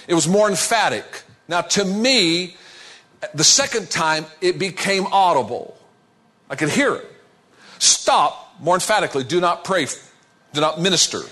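A middle-aged man preaching, telling a testimony in a dramatic storytelling manner that drops suddenly to a low voice. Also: sharp tone. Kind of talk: sermon testimony.

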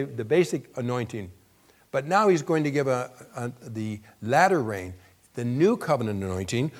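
A man's voice: medium pitch, darkish tone. Conversational male preacher. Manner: conversational, asks the audience questions; rises to emphatic when reading scripture. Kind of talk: sermon.

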